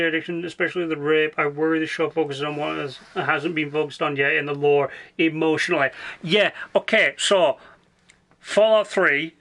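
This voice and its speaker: A man's voice: on the high side, pushed and bright. A man streaming a video game, chatting casually and rambling with frequent swearing. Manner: rambling, swears freely, quick asides. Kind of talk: casual live-stream chat.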